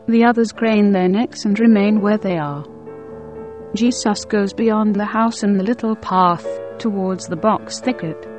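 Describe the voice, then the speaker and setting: A woman narrating a religious story in a measured, solemn reading. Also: medium pitch, a little mellow. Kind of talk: scripted narration of a devotional story. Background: faint instrumental music.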